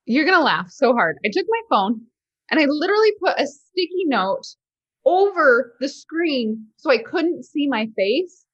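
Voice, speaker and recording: Lively, fast-talking woman podcast host. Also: high-pitched, highs cut off. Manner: animated, quick, laughs often. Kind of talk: casual conversation.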